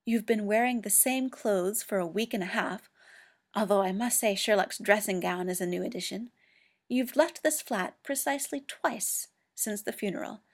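A cool, aloof government man, put on by a woman narrator, measured and clinical in every word. He lists things off precisely and stays composed. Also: mid-range voice, natural voice.

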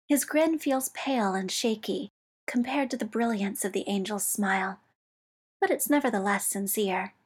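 A woman reading fiction aloud in a slow, soft, measured storytelling manner, dropping now and then into a whisper. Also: mid-range voice, husky. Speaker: narrator.

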